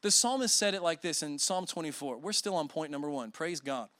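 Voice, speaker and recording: A man's voice: on the high side, lively intonation, a little fast, a bit bright. A man in his forties preaching a sermon as a guest speaker, telling emotional stories with self-deprecating humor.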